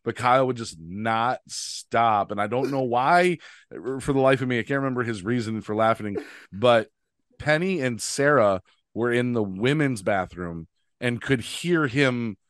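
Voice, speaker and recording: A man hosts a podcast in easy, casual chat. He rambles through a funny road story, laughing as he goes and starting sentences over. His voice is smooth and resonant, and the recording is dry and close. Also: mid-range voice, measured pace, dry recording. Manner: rambling storyteller, laughs often, many restarts. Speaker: podcast host.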